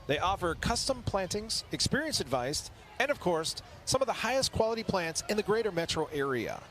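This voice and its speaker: A man's voice: high-pitched, very animated, fairly quick, a bit bright, a little hiss or hum. A man co-hosting live local TV commentary of a street parade. He reads sponsor blurbs and banters upbeat with his partner.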